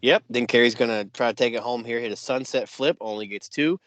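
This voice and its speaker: With a mid-range, fairly quick and slightly bright voice in a dry recording, a podcast co-host excitedly recounts a wrestling match move by move. He leans often on "you know" and "yeah" in this casual show.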